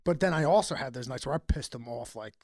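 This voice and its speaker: A man's voice: mid-range voice, fast talker, darkish tone, no room sound, clean studio sound. A young man co-hosting a podcast in casual chat, telling stories animatedly, laughing often and saying "dude" a lot. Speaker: podcast co-host.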